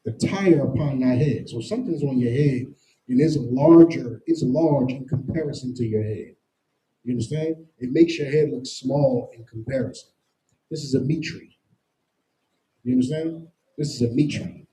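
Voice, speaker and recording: A man with a medium-pitched, mellow voice, captured on a rough recording, teaches a Bible lesson in plain street talk. As a scripture teacher he's emphatic, explains with everyday comparisons and slang, and keeps asking "you understand?".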